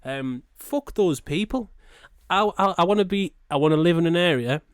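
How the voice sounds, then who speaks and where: A northern English man rambles through blunt opinions on a podcast, swearing as he goes. His voice sits a little high. The sound is dry and close. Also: lively intonation, moderate pace, smooth, dry recording. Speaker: podcast co-host. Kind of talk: casual podcast chat.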